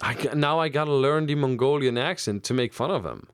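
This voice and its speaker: A man's voice: medium pitch, fairly quick, clear, resonant tone, dry recording, studio quality. A young man co-hosting a podcast, rambling and joking crudely in casual banter. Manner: rambling, crude and jokey, many restarts. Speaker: podcast co-host.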